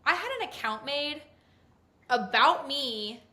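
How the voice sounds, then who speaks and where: Young woman guest, bright, excitable, chatty racing reporter. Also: sits high. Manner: excitable, fast-talking storyteller. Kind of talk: casual chat.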